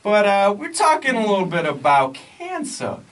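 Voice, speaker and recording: A man's voice: high-pitched, wildly swooping pitch, moderate pace, a bit bright, distant mic, low-quality recording. Earnest man hosting a podcast, off-mic. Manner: earnest, preachy health talk. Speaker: podcast host. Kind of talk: casual podcast chat.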